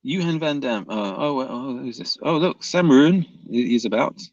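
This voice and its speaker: A man's voice: medium pitch, lively intonation, normal speed, darkish tone, no room sound, dull audio. A man streaming live, reading viewer comments aloud and arguing back, repeating his questions at the commenters.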